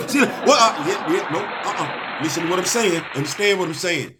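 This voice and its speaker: A young man, excitedly reviewing a comic in a casual, slangy monologue, laughing and stumbling over restarts. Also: high voice, normal speed, very noisy.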